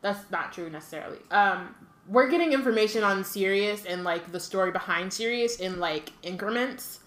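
A woman's voice: medium pitch, normal speed, a bit bright. A woman co-hosting a podcast, chatting casually in a rambling way with many fillers. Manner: rambling, full of "like" and "um". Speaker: podcast co-host. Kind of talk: casual chat. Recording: roomy echo.

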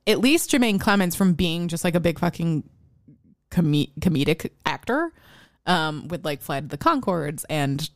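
A woman's voice: fairly low pitch, expressive, moderate pace, no echo, clean studio sound. A young woman co-hosting a casual film podcast, talking enthusiastically with many filler words. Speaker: podcast co-host.

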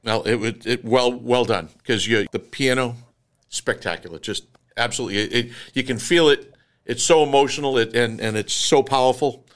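A male podcast host praising his guest warmly, with halting restarts. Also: mid-range voice. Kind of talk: conversational podcast interview.

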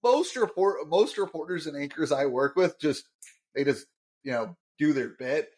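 A man co-hosts a casual podcast, recapping a cartoon episode. He explains at a relaxed pace with plenty of fillers. His voice sits a bit high for a man. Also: normal speed. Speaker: podcast co-host.

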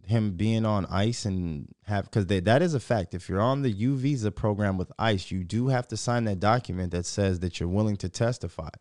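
A man's voice: on the low side, normal speed, few pauses, darkish tone, no room sound, studio quality. A man hosting his own solo podcast, ranting in a profane, rambling, opinionated way. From Minnesota. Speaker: podcast host. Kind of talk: casual solo podcast rant.

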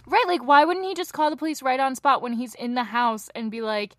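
A young woman co-hosting a true crime podcast, telling the case in a chatty, animated way and laughing often, tired from little sleep. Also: sits high, fairly quick, few pauses, dry recording, studio quality. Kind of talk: casual true crime chat.

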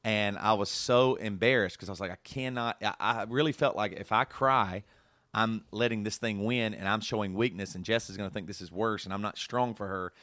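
Earnest low-voiced man, dry studio sound. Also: fairly even intonation, fairly quick, bright, forceful tone, no echo. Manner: earnest, emotional storytelling with many restarts. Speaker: podcast host. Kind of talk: casual podcast chat.

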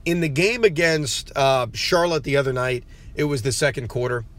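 A man hosting a casual solo sports podcast, ranting in an animated and exasperated way, recorded in a parked car. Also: medium pitch, moderate pace. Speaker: podcast host. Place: parked car near a rental return.

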